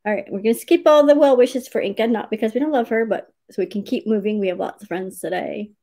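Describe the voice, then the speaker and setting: A woman's voice: fairly high pitch, quick pace, dark tone. A woman hosting a casual livestream writing sprint, cheerfully greeting viewers by name, reading their comments aloud and laughing often.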